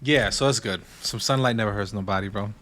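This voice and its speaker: A man co-hosting a podcast in relaxed, joking chat, saying "bro" a lot. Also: on the low side, quick pace. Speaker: podcast co-host. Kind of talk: casual chat.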